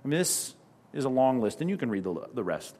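A man pastor preaching a sermon in an animated, conversational way with sarcastic asides. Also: medium pitch, a little fast.

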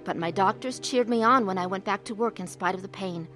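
A woman's voice: medium pitch, brisk, fairly bright tone, soft background music, lightly acted. An actress playing a troubled middle-aged woman who narrates her own story in a radio drama, earnest and emotional. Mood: somber.

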